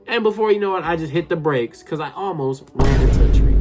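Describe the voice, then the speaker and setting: A man telling a personal story to his viewers in a casual, excitable way, often addressing them directly. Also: on the high side, a little fast, heavy background noise. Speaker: storytime YouTuber.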